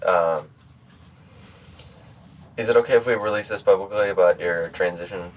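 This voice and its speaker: Comedy podcast co-host, male, low voice, hesitant and full of fillers. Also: moderate pace, far from the mic, a little hiss or hum. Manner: hesitant and matter-of-fact, many fillers.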